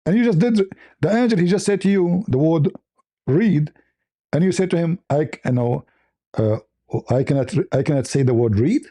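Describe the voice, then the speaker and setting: A man hosting an online religious debate. He argues forcefully and mocks his opponent, laughing often and hammering his points with repeated rhetorical questions. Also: fairly high pitch, animated, normal speed. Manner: argumentative, mocking, with frequent laughs. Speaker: debate host.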